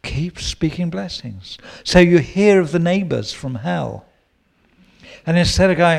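A man preaching a sermon, teaching with lively quoted prayers and asides. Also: on the high side, measured pace. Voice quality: gravelly.

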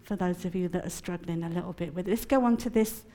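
Animated woman preaching a testimony. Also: lowish voice, quick pace. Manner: animated and emotional, laughing often. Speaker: speaker at a prayer conference. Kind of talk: testimony-style sermon.

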